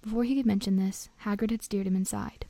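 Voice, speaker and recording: A woman narrating a storybook in a gentle, half-whispered read-aloud, close to the mic. Her voice is gravelly with a mellow, dark tone. The room sounds dry. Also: mid-range voice, fairly even intonation, quick pace, dry recording. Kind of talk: soft storybook reading aloud, partly whispered.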